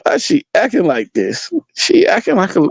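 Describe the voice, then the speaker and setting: A man's voice: high voice, huge pitch swings, moderate pace, creaky, husky, no echo. A man chatting as a guest on a livestream, teasing and repeating his lines. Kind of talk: casual livestream chat.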